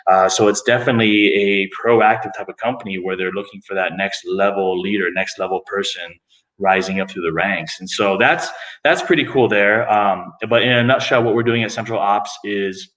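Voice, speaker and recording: A lower-voiced middle-aged man talks through his story as a podcast guest, his voice bouncing around a roomy space. He is casual and lively, with lots of fillers and restarts. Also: normal speed. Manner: animated, jumps into high voices for quoted people. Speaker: interview guest. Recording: echoey room.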